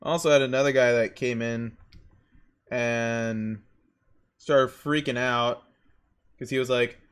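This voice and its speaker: A young man streaming while he draws, rambling through excitable stories and exclamations. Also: mid-range voice, slow pace, pauses often, clear, resonant tone. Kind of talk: casual chat while drawing on stream.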